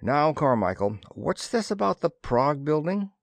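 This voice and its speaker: A man's voice: a little high, very animated, normal speed, creaky, dry recording, voice pushed up. A man voicing an anxious, blustering male official who sputters defensively in a storybook reading. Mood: brisk.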